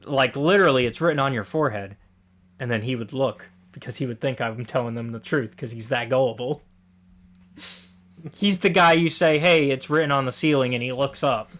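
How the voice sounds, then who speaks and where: A man co-hosting a casual podcast about comics, animated and quick to laugh, often acting out the characters' lines and swearing casually. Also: mid-range voice. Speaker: podcast co-host.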